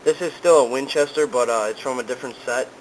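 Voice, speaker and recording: A man's voice: medium pitch, fast, slight background noise, low-quality recording. A young man casually talking to camera in a vlog, easygoing and rambling with lots of ums and uhs. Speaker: vlogger. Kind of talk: casual product talk to camera.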